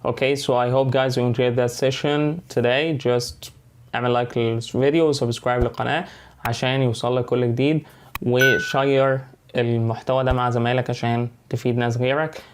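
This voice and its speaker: A man's voice: medium pitch, little pitch movement, rapid-fire, slight background noise. A man with an Egyptian accent teaching an online English lesson, switching between English and Arabic and often checking in with "okay" and "right".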